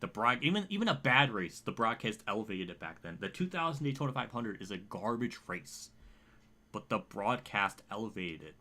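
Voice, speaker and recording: A man's voice: on the low side, big pitch swings, normal speed, bright, forceful tone. A man streaming a racing game, talking in a rambling, emotional way and swearing often. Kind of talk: emotional livestream commentary.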